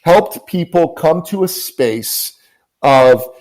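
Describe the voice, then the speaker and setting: A man's voice: fairly high pitch, lively intonation, slow, darkish tone, low-quality recording. A man guest on a podcast, earnestly telling stories and repeating key phrases for emphasis. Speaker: guest, business coach. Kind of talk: podcast interview storytelling. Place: lives in Canada.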